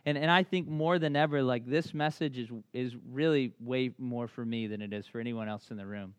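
A man preaching from the pulpit in a frank, conversational way, full of restarts and casual asides. He slows and softens for quiet reflection, and his voice sits in a middle pitch. The sound is dry and close, with little room echo. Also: smooth. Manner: candid and conversational, with many restarts and "like". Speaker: pastor. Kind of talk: sermon.

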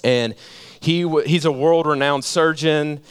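A male pastor preaching a sermon in a conversational way, repeating phrases for emphasis and dropping to a hush. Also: on the high side, fairly even intonation, unhurried, clean tone. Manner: conversational, repeats phrases for emphasis, swings between loud and hushed.

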